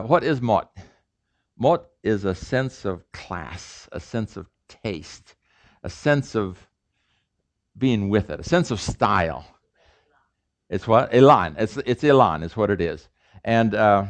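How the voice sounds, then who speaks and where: A man's voice: mid-range voice, fairly bright tone, dry recording. A middle-aged man teaching a classroom language lesson, playful and joking, quizzing his students as he goes. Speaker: professor teaching a Korean class. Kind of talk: classroom lecture.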